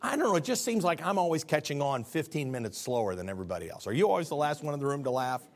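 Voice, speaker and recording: Animated high-voiced male preacher. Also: rapid-fire. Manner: animated preaching, acting out biblical figures. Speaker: pastor. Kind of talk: sermon.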